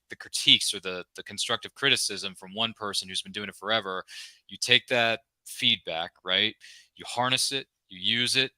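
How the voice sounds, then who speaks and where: Bright, crisp-voiced enthusiastic podcast host. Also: male voice, on the low side, dry recording, studio quality. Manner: enthusiastic, folksy, rambling. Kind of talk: casual interview chat.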